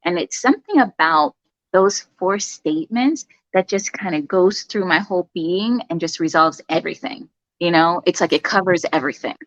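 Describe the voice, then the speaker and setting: A woman who is a nurse, a guest in a casual interview chat, talking in a calm, reflective way with many fillers. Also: on the low side, normal speed, dry recording, lo-fi sound.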